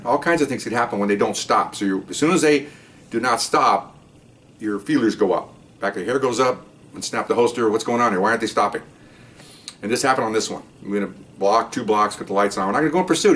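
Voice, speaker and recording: An older man, a retired police officer telling a story casually and acting out the voices of the people in it. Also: lowish voice. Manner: animated, acts out voices in the story.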